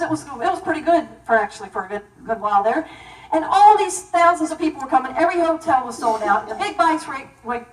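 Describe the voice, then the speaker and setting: A middle-aged woman giving an animated, emphatic storytelling speech as keynote speaker at a banquet. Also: high voice. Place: banquet hall. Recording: echoey hall, voice from far off.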